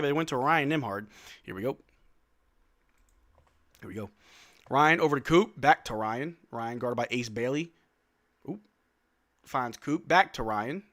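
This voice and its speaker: A young man calling a basketball game for his stream viewers as a fan, quick to shout and laugh at big plays. His voice is bright and forceful, and it leaps around in pitch. It sits a little above the usual register for a man. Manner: excitable, shouts and laughs at big plays, trash-talks players. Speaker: live stream watch-along host. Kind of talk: fan play-by-play commentary.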